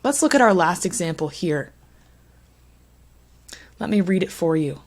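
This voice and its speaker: A woman teaching an English pronunciation lesson, speaking clearly and deliberately, with strong emphasis on the words she models. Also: fairly low pitch, very animated.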